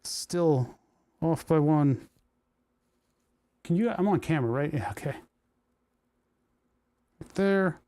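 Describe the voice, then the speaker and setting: Man, slightly high voice, casual live-stream chat, rambling, frequent chuckles, thinking aloud. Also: lively intonation, takes it slowly, long pauses, mellow. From New Jersey. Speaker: livestreamer building electronics.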